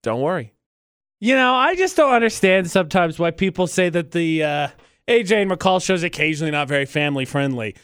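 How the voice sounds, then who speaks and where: A man co-hosting a morning radio show on a studio mic, teasing and joking with quick asides. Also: on the high side, expressive, fairly bright tone, clean tone, dry recording. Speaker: radio co-host.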